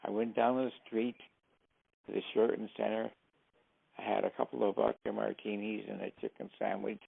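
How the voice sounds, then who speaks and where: An older man, an interview guest, telling stories in a lively way and acting out the dialogue as he goes. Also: on the low side, normal speed, dry recording. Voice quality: gravelly. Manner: lively storyteller who acts out the dialogue. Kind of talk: anecdotal storytelling. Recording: tinny, phone-like, dry sound.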